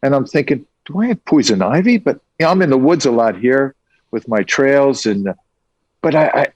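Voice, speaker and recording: A man's voice: medium pitch, expressive, brisk, dry recording, dull audio. An older man as an interview guest, telling stories with enthusiasm. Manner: enthusiastic storyteller. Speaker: guest, entrepreneur. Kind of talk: conversational interview.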